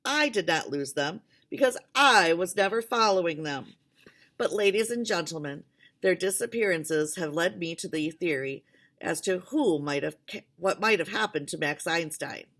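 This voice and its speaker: A scheming male scientist, cool and defiant under questioning, voiced by a woman reading a storybook. He answers in measured, clipped phrases from a low, dark register. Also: animated.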